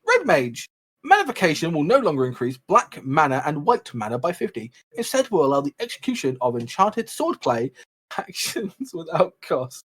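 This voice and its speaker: A man's voice: a little high, huge pitch swings, moderate pace, a bit bright, breathy edge. A man co-hosting a casual gaming podcast, joking around as he reads patch notes aloud. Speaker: podcast co-host.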